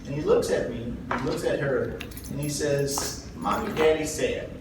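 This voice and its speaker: A man's voice: medium pitch, steady tone, measured pace. A man from South Carolina giving an earnest, folksy political speech to a convention crowd. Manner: earnest, folksy, rising to rallying calls. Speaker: party chair candidate. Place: large convention hall. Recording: echoey hall from far off, faint noise.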